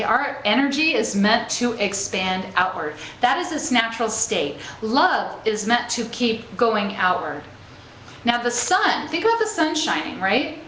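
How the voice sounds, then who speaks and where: A woman's voice: fairly high pitch, a bit bright. Chatty woman speaker in an echoey room. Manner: conversational, checks in with "okay?" and "right?"; laughs easily while telling stories. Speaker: spiritual speaker. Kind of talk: inspirational talk to a live group. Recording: echoey room with faint ambient noise.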